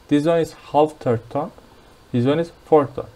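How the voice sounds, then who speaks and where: A man's voice: a little high, normal speed, dark tone. A young man with a Turkish accent teaching a language lesson, explaining patiently and repeating words as drills.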